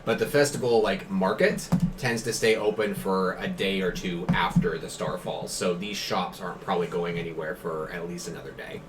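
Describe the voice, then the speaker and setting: Low-voiced game master, distant noisy mic. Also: male voice, steady tone, normal speed, few pauses. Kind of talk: narrating a tabletop game.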